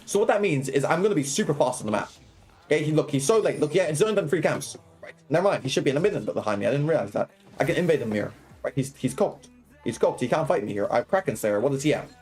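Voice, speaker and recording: A man's voice: on the high side, lively intonation, a little mellow, soft background music. A young man streaming and coaching a video game, explaining each move and checking in with viewers as he plays. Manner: quick, explanatory, keeps checking in with "right?" and "okay?"; laughs and banters with chat. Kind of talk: live gameplay commentary.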